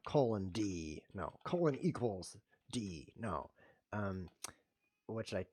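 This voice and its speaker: A man hosting his own show, commentating his chess games with playful mock-outrage, muttering one moment and loudly protesting the next. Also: lowish voice, big pitch swings, slow pace, breathy edge. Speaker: host. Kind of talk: live chess game commentary.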